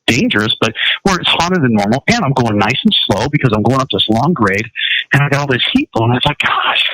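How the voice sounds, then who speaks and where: A man's voice: medium pitch, bright, forceful tone, dry recording, low-quality recording. A man hosting a talk show, telling a long, rambling road-trip story and acting out the dialogue. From Kansas. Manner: rambling anecdote with acted-out dialogue. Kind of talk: casual storytelling.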